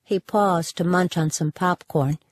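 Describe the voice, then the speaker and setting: Audiobook narrator: woman, lowish voice, measured and even, dry close-mic studio sound. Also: husky, dry recording.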